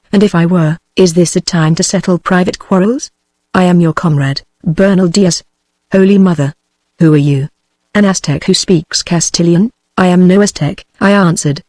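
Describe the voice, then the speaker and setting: A text-to-speech woman's voice with a British English accent, reading a novel aloud at a steady, even pace. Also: lowish voice, dry recording. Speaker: audiobook narrator.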